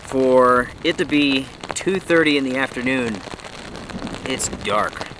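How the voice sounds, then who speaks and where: A man's voice: medium pitch, slow. A man talking to his viewers in a casual outdoor vlog, out of breath, sheltering under a tarp in a forest. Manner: chatty, upbeat, addresses viewers directly. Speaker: outdoor vlogger. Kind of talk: casual camping vlog to camera. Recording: loud rain noise outdoors. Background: heavy rain.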